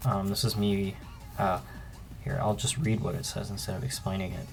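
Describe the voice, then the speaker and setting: A young man in his own casual commentary as he pages through an old sketchbook, relaxed and rambling with frequent ums. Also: sits low, moderate pace, faint music behind. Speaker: artist and channel host.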